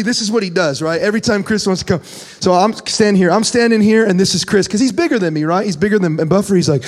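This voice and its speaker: High-voiced preacher in a reverberant hall. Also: male voice, fast talker. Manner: animated, joking storyteller who reads scripture aloud. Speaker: pastor. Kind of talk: sermon. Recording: long reverb in a large hall.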